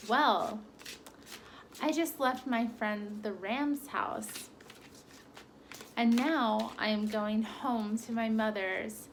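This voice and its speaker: A woman's voice: fairly high pitch, very slow, long pauses, slight background noise. A woman voicing an eager, trusting little female dog who pleads in a raised, hopeful voice. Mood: earnest.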